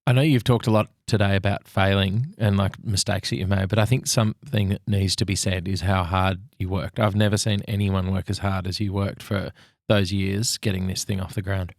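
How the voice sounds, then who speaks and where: A man's voice: deep voice, fairly even intonation, brisk, hardly any pauses, no echo, studio quality. A man co-hosting a podcast, chatting casually with an admiring, joking manner. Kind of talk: casual chat.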